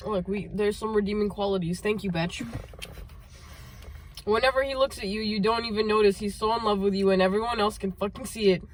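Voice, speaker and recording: A woman's voice: mid-range voice, steady tone, brisk. A young woman reading her old fan fiction aloud. She keeps breaking off into giggles and restarting sentences. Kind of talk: reading aloud between bursts of laughter.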